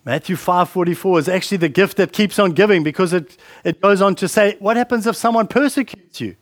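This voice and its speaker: High-voiced man preaching a sermon. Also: a little fast, no echo. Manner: conversational, repeats words, asks questions.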